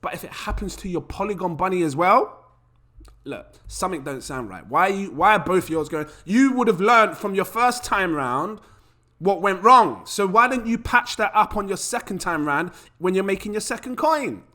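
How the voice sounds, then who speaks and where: Chatty male YouTuber, lively pitch, rhetorical and casual. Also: moderate pace. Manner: animated, chatty, rhetorical questions. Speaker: crypto YouTuber. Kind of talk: casual to-camera talk.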